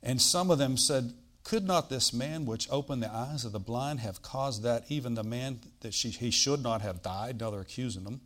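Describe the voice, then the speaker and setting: Animated male preacher reading scripture. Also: mid-range voice, normal speed, few pauses. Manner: animated preaching, bursts loud on quoted lines then drops quiet; reads old-style scripture, asides with "all right?". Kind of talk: sermon, reading and explaining scripture.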